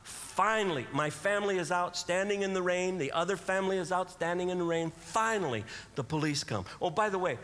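High-voiced man doing live stand-up. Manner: animated, does sound effects and quick voices. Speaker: stand-up comedian. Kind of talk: stand-up comedy storytelling. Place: live stage before an audience. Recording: live hall with long reverb and audience noise.

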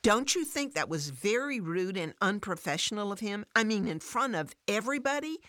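A woman voicing an upset, defensive working mother who talks in an emotional, high-strung, pleading way. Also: lively intonation, moderate pace, fairly bright tone, no room sound, clean studio sound.

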